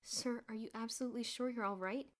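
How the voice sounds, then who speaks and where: A woman voicing a bold, quick-thinking schoolboy leader in an audiobook, urgent and commanding. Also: fairly high pitch, steady tone, close to an everyday voice. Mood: steady. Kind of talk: audiobook character voice.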